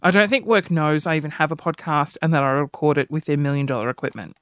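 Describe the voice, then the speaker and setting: A man's voice: a little high, fast talker, fairly bright tone, dry recording, clean studio sound. A young man hosting a podcast alone, rambling in a chatty, self-mocking way. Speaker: podcast host. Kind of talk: solo comedic podcast chat.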